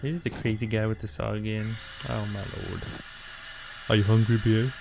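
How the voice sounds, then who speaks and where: A man's voice: on the low side, little pitch movement, normal speed, gravelly, noisy background. A man streaming a horror game, joking playfully with his chat as he plays. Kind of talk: live gameplay commentary.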